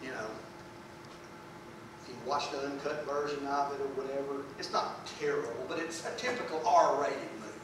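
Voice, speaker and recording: A man's voice: mid-range voice, fairly even intonation, normal speed, background noise. A man preaching a sermon in a folksy, emphatic way, repeating words for stress. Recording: echoey room, voice from a distance.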